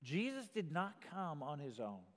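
A man preaching a sermon, earnest and plain-spoken, with a slightly high voice. He stumbles over the first word of a sentence now and then and gets louder to stress a point. His voice rings out with a long hall echo behind it. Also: very animated, a little slow. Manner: earnest, repeats words when starting, rises in volume for emphasis.

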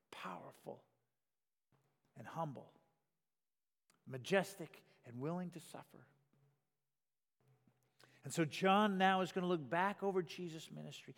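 A man preaching a sermon, earnest and plain-spoken, with a slightly high voice. He stumbles over the first word of a sentence now and then and gets louder to stress a point. His voice rings out with a long hall echo behind it. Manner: earnest, repeats words when starting, rises in volume for emphasis.

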